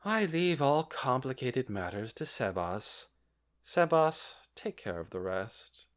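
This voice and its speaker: A man's voice: mid-range voice, very animated, takes it slowly, pitched above the performer's own voice. A man voicing a beautiful, haughty young woman who speaks in a bored, sweetly dismissive way in an audiobook. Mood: bored, aloof.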